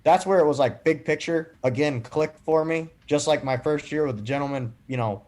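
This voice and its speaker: A man's voice: fairly high pitch, moderate pace, a little mellow. A young adult man, a podcast guest, earnestly telling a personal story in casual conversation and acting out the dialogue. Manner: earnest, acts out quoted dialogue. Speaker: podcast guest, boating safety speaker.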